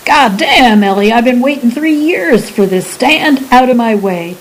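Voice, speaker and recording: A woman putting on a gruff, crude old man. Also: fairly high pitch, animated, unhurried, slight background noise, voice pushed up, poor audio. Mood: wry.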